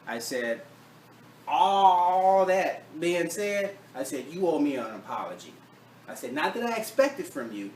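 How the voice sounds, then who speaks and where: Man, casual storytelling, quotes both sides of a talk, soft low voice for the other party, roomy echo, distant mic. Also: big pitch swings, a little fast. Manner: retells a doctor visit with quoted dialogue, drops voice low and soft for the doctor. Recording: echoey room, far from the mic, faint noise.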